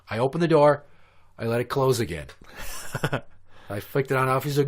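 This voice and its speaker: A man's voice: a little high, lively intonation, brisk, long pauses. A man from Minnesota hosting a podcast, telling stories in a crude, profane, casual way and laughing at his own jokes. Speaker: podcast host. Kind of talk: casual storytelling chat.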